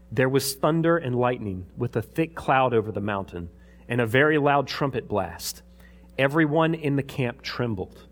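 A man preaching a sermon in a conversational way, reading scripture aloud and explaining it. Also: medium pitch. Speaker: pastor.

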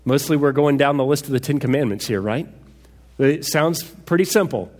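A pastor preaching in an echoey hall. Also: male voice, mid-range voice, lively intonation, moderate pace. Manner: conversational, asks rhetorical questions. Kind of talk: sermon.

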